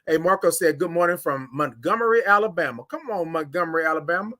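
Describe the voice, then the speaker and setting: A high-pitched man hosts a casual morning livestream. He talks in an animated way, calls out viewers by name and stretches his greetings out long. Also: fast. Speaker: livestream host.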